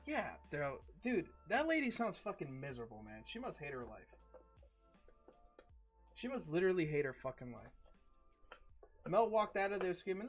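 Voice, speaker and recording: A man's voice: high-pitched, sing-song, moderate pace, long pauses, faint music behind. A man hosting a live card-break stream, chatting casually with slangy, profane banter.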